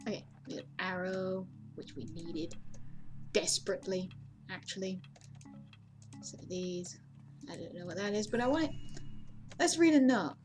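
A woman hosting a let's play, talking casually and mocking herself, with sudden high exclamations. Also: normal speed, long pauses, over music. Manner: chatty, self-mocking, bursts into high exclamations. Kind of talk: casual gameplay commentary.

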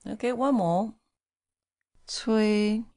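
Slow-spoken teacher woman, gravelly. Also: mid-range voice, a little mellow. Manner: patient, repeats syllables slowly, laughs easily. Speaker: Chinese teacher. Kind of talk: slow pronunciation drill.

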